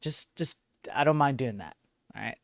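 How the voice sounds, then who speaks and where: Chatty stream host, dry close sound. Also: male voice, medium pitch, moderate pace, creaky, no echo. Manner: chatty, reads and answers chat, frequent restarts. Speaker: livestream host. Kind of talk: casual livestream chat.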